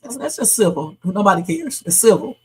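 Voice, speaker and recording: Blunt husky-voiced woman livestream host. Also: medium pitch, sing-song, fairly quick, a little mellow, low-quality recording. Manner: blunt, emphatic, talks straight to the chat. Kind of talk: casual livestream commentary.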